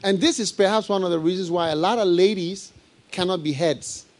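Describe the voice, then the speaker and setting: Middle-aged male pastor, live sermon delivery, animated and playful, a slightly higher voice. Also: brisk. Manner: animated, rhetorical questions to the congregation, frequent laughs.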